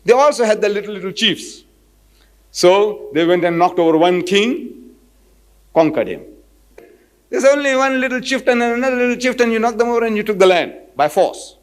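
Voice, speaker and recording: A man giving a storytelling lecture, acting out both sides of a debate and quoting scripture in a measured cadence. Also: high-pitched, expressive. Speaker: Islamic lecturer.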